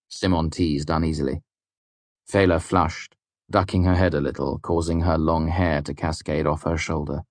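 Deep, dry-voiced male narrator. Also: steady tone, moderate pace, no room sound. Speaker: audiobook narrator. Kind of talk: scripted narration.

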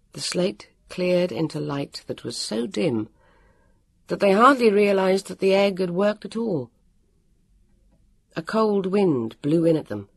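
Slow expressive narrator for a storybook, husky, close and dry. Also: medium pitch, dry recording.

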